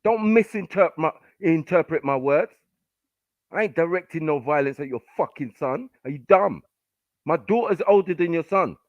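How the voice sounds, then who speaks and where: A high-voiced man rants aggressively at callers on a live stream, swearing and cutting people off. The sound is dry and dull, like lo-fi stream audio. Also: lively intonation, moderate pace, dry recording. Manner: aggressive, profane, shouting down callers. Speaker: podcast host. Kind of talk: heated live panel argument.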